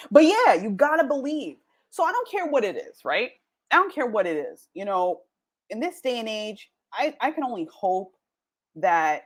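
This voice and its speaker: A woman hosting her own podcast, giving a jokey motivational talk and acting out quoted voices as she goes. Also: medium pitch. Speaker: podcast host.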